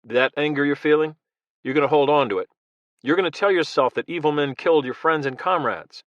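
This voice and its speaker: A man's voice: on the high side, brisk, a bit bright, dry recording, lo-fi sound, voice pushed up, natural voice. A man voicing an intense American former Marine leader who speaks bluntly and earnestly.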